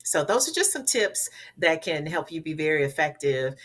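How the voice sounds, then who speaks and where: Female public speaking coach, faint Southern accent, emphatic and didactic, lower-pitched and bright. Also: big pitch swings, moderate pace. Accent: Southern US, softened. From Southern United States. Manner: emphatic, instructive, repeats key words. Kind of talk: coaching advice in a talk show.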